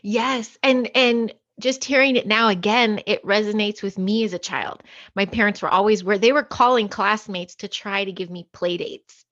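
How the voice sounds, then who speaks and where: A woman who is a guest on a podcast, chatting casually, laughing easily and turning lively when she quotes others. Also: medium pitch, normal speed, highs cut off. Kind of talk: casual conversation.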